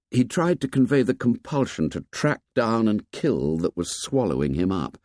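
A man reading a novel aloud as narrator, measured and expressive. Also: sits low, no echo, clean studio sound. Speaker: audiobook narrator. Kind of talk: scripted narration.

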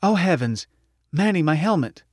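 A male audiobook reader voicing a lively, teasing young woman revolutionary, his pitch raised well above his own. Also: moderate pace, dry recording, studio quality, close to an everyday voice. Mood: playful. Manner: playful, affectionate teasing. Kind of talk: audiobook character voice.

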